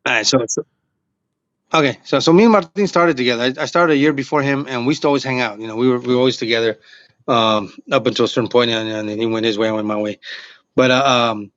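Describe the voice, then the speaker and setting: The audio is muffled, lo-fi, and dry with no echo as a comedian guest in his forties tells a story quickly in a medium-pitched voice. In this casual chat, he animatedly acts out what everyone said.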